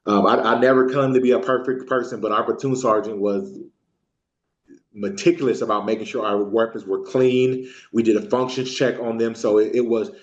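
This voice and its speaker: Halting veteran man, echoey lo-fi sound. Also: mid-range voice, fairly even intonation. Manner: halting, many ums and restarts. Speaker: Army veteran interviewee. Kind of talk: recorded oral history interview. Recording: echoey room, dull lo-fi sound.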